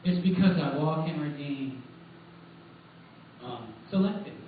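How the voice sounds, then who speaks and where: A man preaching and telling a personal testimony at a church service, emphatic and rising to near shouts. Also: fairly high pitch, lively intonation, slow, very echoey, slight background noise. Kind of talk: sermon testimony. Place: church sanctuary. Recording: tinny distant church recording.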